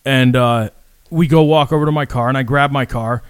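A man's voice: medium pitch, normal speed, smooth, no room sound. A man telling a rambling, profane story in casual chat with friends, acting out the people in it. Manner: profane, rambling, animated retelling.

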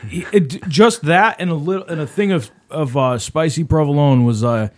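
A man's voice: on the high side, moderate pace. A man co-hosting a casual podcast, telling a rambling, profane story. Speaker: podcast co-host.

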